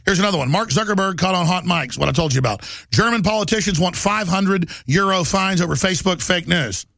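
A man's voice: sits high, creaky, fairly bright tone, dry recording. A man hosting a radio and TV talk show, delivering an agitated, emphatic political monologue. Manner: agitated, ranting, fast and emphatic.

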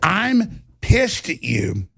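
A man's voice: a little high, wildly swooping pitch, drawn-out words, gravelly, fairly bright tone, breathy edge, dry recording, clean studio sound. A man hosting his own show, delivering a heated, combative rant and stumbling over repeated words as he pushes on. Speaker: show host.

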